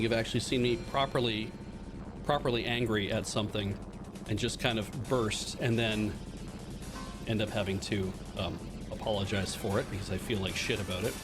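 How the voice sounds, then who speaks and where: A man of ordinary pitch chats loosely to his livestream audience as he sorts through a game collection. He wanders from thought to thought, mocks his own clumsiness and lets a curse slip now and then. Faint music plays underneath. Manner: rambling, self-mocking, swears casually. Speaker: livestream host. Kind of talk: casual chat while unboxing and playing games.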